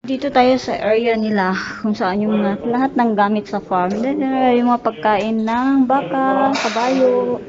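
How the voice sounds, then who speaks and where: High-voiced woman vlogging on a farm. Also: steady tone, normal speed, few pauses, crowd noise. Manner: chatty, giggly, coos at animals. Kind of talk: casual vlog chat mixing English and Filipino. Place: outdoors on a farm. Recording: dull muffled sound with loud background noise.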